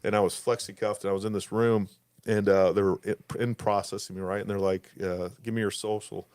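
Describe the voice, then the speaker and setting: A man's voice: on the low side, fairly quick, clean tone, no room sound, clean studio sound. A man hosting a casual podcast, telling stories and acting out dialogue with a raised voice. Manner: animated storyteller, acts out dialogue with raised voice. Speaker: podcast host. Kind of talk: casual storytelling chat.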